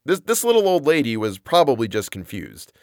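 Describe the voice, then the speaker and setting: A man tells a first-person comic story in a wry, rambling, self-deprecating way. His pitch moves a lot as he talks. The recording is close and dry. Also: big pitch swings, a little fast, no room sound. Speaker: narrator. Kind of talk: first-person comedic audio fiction narration.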